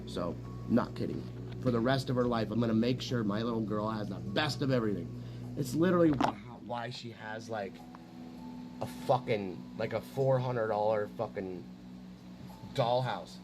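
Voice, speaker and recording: A man's voice: on the low side, normal speed. A man streaming a casual, rambling chat, swearing often and bragging as he jumps from story to story. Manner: profane, boastful, jumps between stories. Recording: noisy room with hum.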